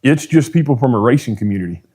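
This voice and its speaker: Man, racer guest, folksy rambling storyteller, average pitch. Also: animated, quick pace, a little mellow, slightly rough. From Texas. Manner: rambling, folksy, peppered with "dude" and quoted dialogue. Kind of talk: casual storytelling.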